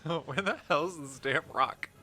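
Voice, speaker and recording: A man's voice: a little high, unhurried, pushed and bright. A man streaming a game with casual, jokey commentary, chatting and laughing often.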